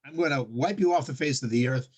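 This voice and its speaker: Man doing a humble, quick-witted town jester in a told joke, near his own voice. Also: medium pitch, darkish tone, breathy edge, close to an everyday voice. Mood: defiant. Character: simple, clever Jewish village jester.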